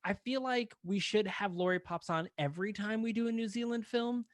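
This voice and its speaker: A man's voice: high-pitched, fairly quick, no echo, clean studio sound. A man co-hosting a casual film podcast, rambling and joking with lots of fillers. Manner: rambling, jokey, many fillers. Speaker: podcast co-host.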